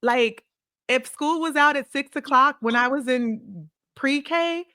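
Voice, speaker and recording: A woman guest on a podcast, telling personal stories in a casual, animated way and acting out remembered dialogue. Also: sits high, slow pace, no room sound, studio quality. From Illinois, USA. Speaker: podcast guest, consulting firm CEO. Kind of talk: casual interview storytelling.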